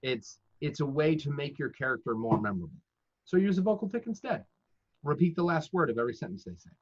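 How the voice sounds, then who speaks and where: A man's voice: fairly high pitch, very animated, quick pace, husky. A man who works as a professional dungeon master, giving casual, chatty, self-deprecating advice in conversation. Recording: dull lo-fi audio.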